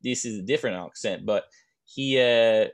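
A young man co-hosting a podcast, telling rambling anecdotes and dropping deadpan jokes in casual chat. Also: medium pitch, normal speed. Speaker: podcast co-host.

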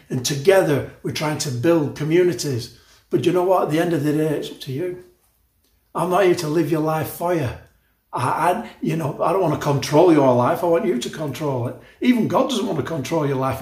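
A man's voice: fairly high pitch, a little mellow, roomy sound. A man in his sixties preaching a sermon as a pastor, emphatic and chatty, often repeating words and restarting his sentences. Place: church.

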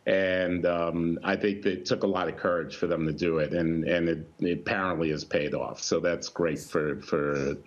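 A man's voice: low-pitched, fairly even intonation, normal speed, hardly any pauses. Rambling man CEO on a dull feed. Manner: rambling, full of restarts and fillers. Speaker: company CEO guest. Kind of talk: interview answers.

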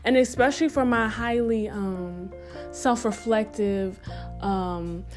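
A young woman hosts her own podcast in a loose, chatty monologue, with a voice of middling pitch. She breaks off with playful asides and hammers home her advice by saying it again. Soft music plays quietly underneath. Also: slow pace. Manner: emphatic, repeats advice for stress. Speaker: podcast host. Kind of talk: casual reflective monologue.

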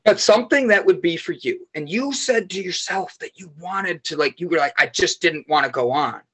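A man guest on a podcast, telling rambling, animated stories and swearing freely in casual chat. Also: a little high, normal speed, breathy edge.

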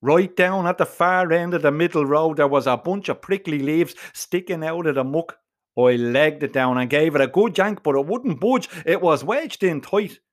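A man's voice: fairly high pitch, normal speed. A man telling a comic first-person story, full of swearing and slang. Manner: profane, slangy, animated.

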